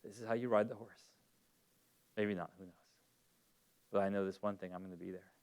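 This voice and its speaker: A man preaching a sermon in a conversational way, dropping to a near whisper and rising loud again. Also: lowish voice, fairly even intonation, a little fast. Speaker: pastor. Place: church.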